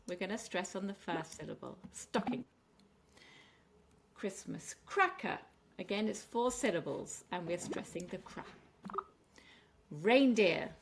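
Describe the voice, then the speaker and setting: Woman, English pronunciation teacher, clear and deliberate delivery. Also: mid-range voice. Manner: clear, deliberate, stressing words slowly. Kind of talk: pronunciation lesson.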